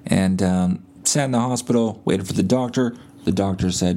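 A man's voice: low-pitched, normal speed, dark tone. A man hosting a casual solo podcast from his bed at home, telling stories in a laid-back, profane, rambling way with many fillers while buzzed on painkillers. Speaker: podcast host.

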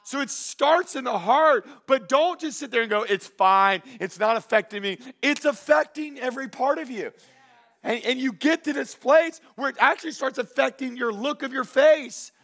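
A male pastor preaching a sermon in an animated, joking way, acting out the voices of people he quotes. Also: very high voice, moderate pace.

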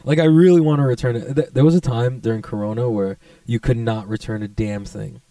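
A young man rambling in a casual, profane vlog monologue, laid-back but jumping to excited bursts. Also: mid-range voice, fairly quick, no room sound, far from the mic. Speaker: vlogger.

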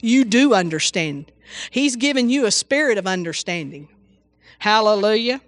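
A woman's voice: medium pitch, sing-song, normal speed, dry recording. Woman, preacher, informal sermon, exclamatory, dry close sound. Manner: repetitive, exclamatory, frequent hallelujahs and restarts.

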